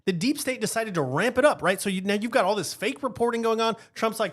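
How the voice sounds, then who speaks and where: A man hosting a podcast, giving heated political commentary in an animated, rhetorical way and often tagging his points with a question. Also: high voice, fast, few pauses. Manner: animated, rhetorical, keeps asking "right?". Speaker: podcast host.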